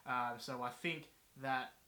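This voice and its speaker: A man's voice: mid-range voice, steady tone, slow, bright, forceful tone. Hesitant man in an echoey room. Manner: hesitant, many ums, restarts sentences. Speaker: guest reviewer. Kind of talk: casual movie review chat.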